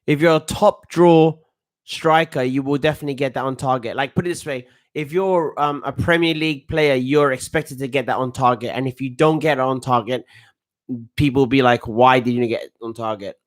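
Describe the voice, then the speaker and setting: A man's voice: medium pitch, brisk. A man giving a casual, rambling live reaction to a football match as a coach, full of restarts and slang. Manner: excitable, rambling, with frequent restarts and slang like "bruv".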